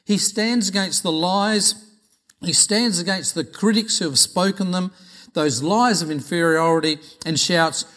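A man preaching a sermon with personal testimony, earnest and measured, often repeating phrases. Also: high-pitched, fairly bright tone.

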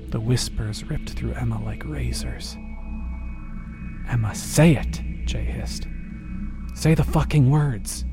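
A man narrating a horror story in a measured voice that sinks into whispers. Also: medium pitch. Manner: slow, measured, dropping to whispers.

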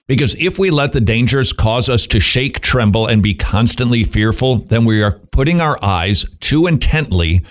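A middle-aged man hosting Christian radio, giving a devotional talk with joking asides to himself. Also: mid-range voice.

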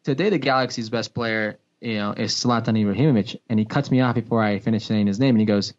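A man, a sports broadcaster and former pro soccer player, telling a story in a casual podcast chat, with big pitch swings and frequent restarts. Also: quick pace. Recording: dull lo-fi podcast audio.

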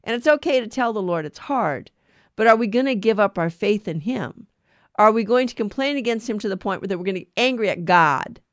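A woman's voice: medium pitch, lively intonation, dry recording. Woman preacher, scripture reading into conversational homily, dry close sound. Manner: slow, deliberate reading, then conversational preaching with fillers. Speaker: preacher giving a reflection on scripture.

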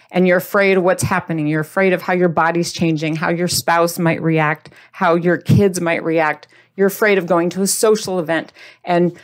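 A woman hosting a diet video series. She talks in a casual, motivational way, playful and chatty, and speaks straight to the viewer. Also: fairly low pitch.

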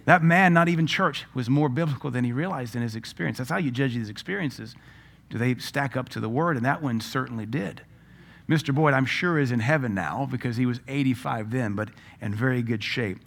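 A middle-aged man preaching a sermon through a story, his voice gravelly and full of fry. He tells it with animation and now and then acts out the people he quotes. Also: medium pitch, brisk, fairly bright tone.

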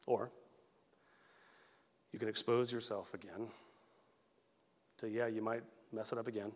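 A man in his thirties preaching a sermon as pastor, casual and animated, slipping into quick acted quotes. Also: lowish voice. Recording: long reverb of a large hall.

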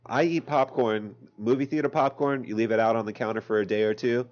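A man's voice: medium pitch, fairly even intonation, a little fast. A man in casual chat, bantering in a laid-back, slangy way. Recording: muffled lo-fi recording.

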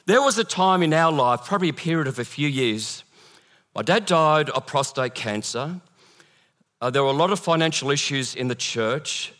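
Animated middle-aged preacher. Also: male voice, fairly high pitch, normal speed. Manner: animated, acts out quoted voices. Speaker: pastor. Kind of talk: storytelling sermon.

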